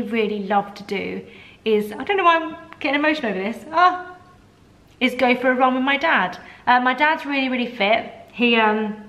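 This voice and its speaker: A woman's voice: fairly high pitch, fairly bright tone. A woman, talking casually in a video diary, rambling and self-deprecating with plenty of restarts and asides. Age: 30s. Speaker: vlogger.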